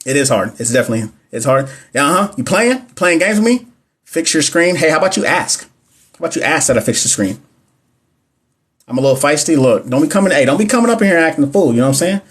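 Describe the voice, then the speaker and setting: A man's voice: on the high side, animated, fast, husky. A young man hosting a casual livestream, reading exam questions and answering chat in a playful, slangy way. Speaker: livestream host teaching nursing exam questions. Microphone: phone or computer mic on a live stream.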